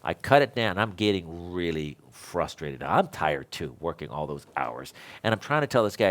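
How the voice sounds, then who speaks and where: At a panel discussion, a man training other electrical code instructors shares a story and plays both parties in it. His voice is on the low side and a bit bright, with a sing-song quality and a moderate pace.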